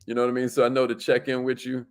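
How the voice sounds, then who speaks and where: A man's voice: mid-range voice, completely flat delivery, very fast, smooth. A man hosting a livestream in an upbeat, slangy, casual way, reading out viewer comments and laughing often. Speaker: livestream host.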